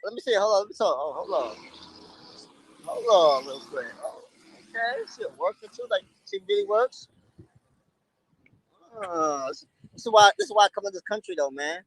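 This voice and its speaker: A man's voice: sits high, wildly swooping pitch, moderate pace, long pauses, fairly bright tone, slightly rough, rough recording. A man, chatting casually and playfully on a livestream in heavy slang. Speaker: streamer.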